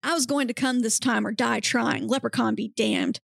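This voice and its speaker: Woman podcast host reading aloud: deadpan, gravelly edge, dry close mic. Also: a little high, moderate pace, no echo. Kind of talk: dramatic reading of erotic fiction.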